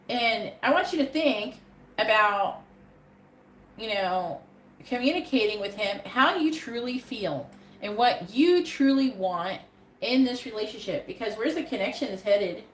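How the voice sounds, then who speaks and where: This live tarot reading comes from a woman with a high, animated voice who speaks slowly and pauses often. She's blunt and profane, giving pep-talk encouragement, and the echoey room has faint background noise.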